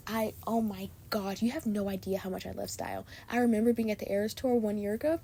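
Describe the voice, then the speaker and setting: A woman's voice: medium pitch, fairly even intonation, fast talker, creaky, dark tone, husky. A young woman hosting her own podcast, chatting casually and gushing in a bubbly way, a little sleepy late at night. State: sleepy and tired. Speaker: podcast host. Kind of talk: casual chat.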